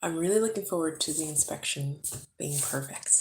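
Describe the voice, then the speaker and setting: A tired woman vlogging from home, chatting to the camera in a hushed, low voice so she does not wake a sleeping baby. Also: brisk, a little hiss or hum, rough recording. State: tired from being awake too long. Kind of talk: casual chat to camera. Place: home, indoors. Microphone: camera close up.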